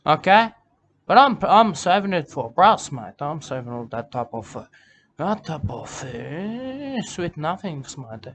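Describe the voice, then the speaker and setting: A man's voice: a little high, very animated, a little slow, fairly bright tone, a little hiss or hum. A man, rambling through a comic monologue and repeating his catchphrases over and over. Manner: repetitive, rambling, drops catchphrases. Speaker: comic host.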